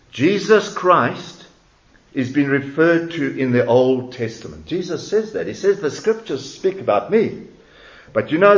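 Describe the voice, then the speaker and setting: A man preaching a sermon, emphatic and measured, with dramatic pauses. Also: medium pitch. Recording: roomy, dull lo-fi sound.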